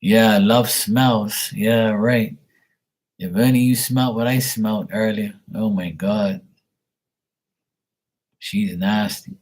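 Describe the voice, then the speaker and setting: A man with a husky, fairly low voice hosts a late-night livestream. He rambles in a chatty, teasing way and talks to his viewers by name. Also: steady tone, takes it slowly, pauses often, darkish tone. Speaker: livestream host reading paid questions.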